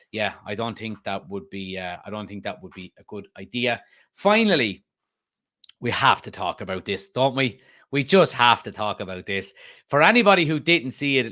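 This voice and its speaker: Man, fan channel host, casual football chat, rambling, mid-pitched voice. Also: fairly bright tone. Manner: rambling, frequent restarts and fillers.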